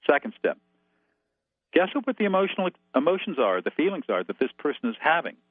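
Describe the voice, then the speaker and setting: A man's voice: fairly high pitch, sing-song, brisk, no room sound. A man as a guest expert, calling in and laying out numbered steps in a methodical, instructive way over a tinny phone line. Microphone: telephone.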